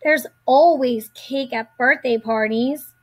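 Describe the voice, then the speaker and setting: An enthusiastic little boy speaks up earnestly, as a woman reading aloud does his lines. The voice stays high and lively, in a children's picture book reading. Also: takes it slowly.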